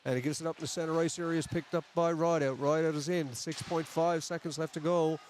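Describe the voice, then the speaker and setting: A man's voice: fairly high pitch, fairly even intonation, fast talker, darkish tone, a little hiss or hum. A man giving chatty, folksy live play-by-play of a local hockey game from a community arena. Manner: chatty, folksy asides between plays. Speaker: play-by-play commentator.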